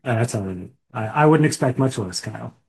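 A man's voice: mid-range voice, expressive, a little fast, creaky, darkish tone. A man, co-hosting a casual podcast chat with joking asides and restarts. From Indiana. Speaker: podcast co-host.

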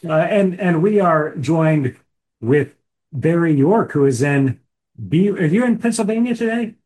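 A man's voice: a little high, lively intonation, measured pace, darkish tone. A man, co-hosting a casual podcast chat with joking asides and restarts. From Indiana. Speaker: podcast co-host.

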